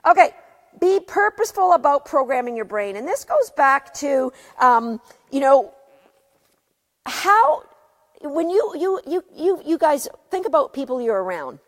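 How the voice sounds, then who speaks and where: A woman dog trainer giving earnest, reflective advice and often asking herself questions out loud. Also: high-pitched, sing-song, measured pace. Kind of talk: motivational advice talk. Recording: long reverb.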